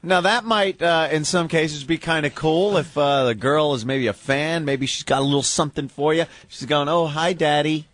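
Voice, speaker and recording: A man's voice: on the high side, normal speed, hardly any pauses, a bit bright, a little hiss or hum. A man co-hosting a radio talk show, bantering sarcastically and reading listener mail aloud from a studio. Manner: sarcastic, reads letters aloud with mock bafflement.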